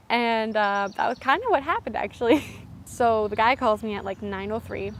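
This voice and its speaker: A woman's voice: fairly high pitch, animated, normal speed, slight background noise. A young adult woman and college student telling a story to camera in a chatty, self-deprecating way. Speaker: vlogger, college student of French.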